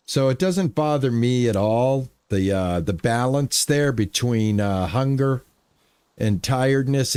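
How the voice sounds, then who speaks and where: A laid-back streamer rambles casually to his live chat while playing a farming game. His mid-range voice is clear and resonant, recorded with no echo.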